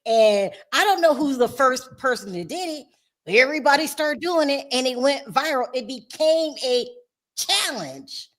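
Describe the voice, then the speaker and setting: A woman with a high voice hosts a casual gossip chat. She talks straight to her viewers, animated and quick to laugh. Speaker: show host.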